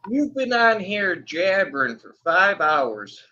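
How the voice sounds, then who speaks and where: A man's voice: sits high, sing-song, slow, muffled recording, noisy background. A man calling into a stream, chatting casually in a laid-back way with short remarks. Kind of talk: casual voice chat.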